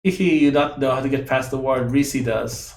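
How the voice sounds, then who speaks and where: A man's voice: medium pitch, steady tone, brisk, reverberant, natural voice. A man voicing a fretful childlike female guardian. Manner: talks about herself in the third person, broken grammar.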